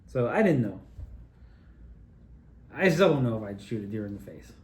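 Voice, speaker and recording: Speaking at normal speed in a lowish voice, this video maker rambles through childhood stories, swearing, animated, digressing, and drinking beer as he goes. His voice rises and falls a lot and echoes through a large room.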